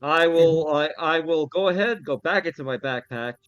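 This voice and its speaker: A man at a tabletop game, talking his character through each action in halting steps. His voice is fairly high and comes through dull and dry, like a lo-fi mic. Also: fairly bright tone, smooth, dry recording. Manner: describes actions step by step, halting, many restarts. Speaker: player. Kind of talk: casual tabletop play.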